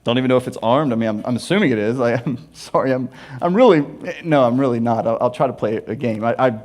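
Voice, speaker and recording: A man preaching a sermon, telling stories with animated humor and playful asides. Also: mid-range voice, fast talker. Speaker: pastor.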